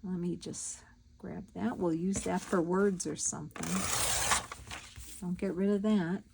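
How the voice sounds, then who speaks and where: A woman's voice: on the low side, fairly even intonation, unhurried, creaky, noisy background. A woman hosting a crafting video, chatting casually and telling stories while she works. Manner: chatty, storytelling, thinks aloud while working. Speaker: crafting channel host.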